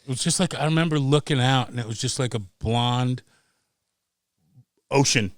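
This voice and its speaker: A middle-aged man telling stories as a podcast guest, animated and profane, acting out voices as he goes. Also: medium pitch, moderate pace, dry recording. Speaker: guest, pro snowboarder. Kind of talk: casual storytelling.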